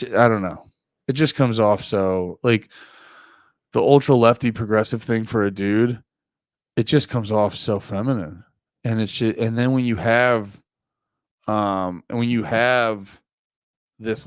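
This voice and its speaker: Guy rambling on his stream, goes from muttering to loud high rants, dead dry sound. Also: dry recording. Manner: rambling, swings from mumbled asides to loud high-pitched outbursts. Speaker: streamer and political commentator. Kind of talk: casual livestream commentary.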